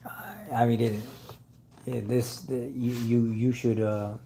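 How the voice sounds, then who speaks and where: A man's voice: medium pitch, little pitch movement, slow, creaky, warm tone, a little hiss or hum. A man hosting a casual car-channel live stream, rambling with fillers and restarts.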